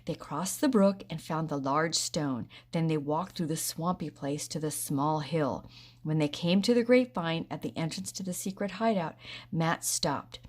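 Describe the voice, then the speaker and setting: A woman narrating a children's storybook in a steady, expressive way. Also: low-pitched, normal speed. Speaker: audiobook reader.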